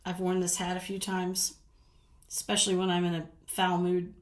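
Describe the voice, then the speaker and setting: A woman's voice: lowish voice, monotone, moderate pace. A woman from the American South telling rambling stories in a casual chat, laughing often. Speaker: vlogger. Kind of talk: casual storytelling. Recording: roomy echo.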